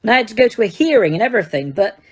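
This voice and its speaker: A woman's voice: medium pitch, expressive, rapid-fire, breathy edge, pitched above the performer's own voice. A woman voicing a determined teenage boy who presses insistently for answers.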